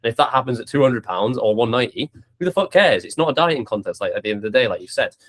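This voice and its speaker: A young man hosting a podcast, chatting casually with lots of swearing, restarts and bursts of excitement. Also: medium pitch, rapid-fire. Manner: swears freely, animated, many restarts. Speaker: podcast host. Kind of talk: casual chat.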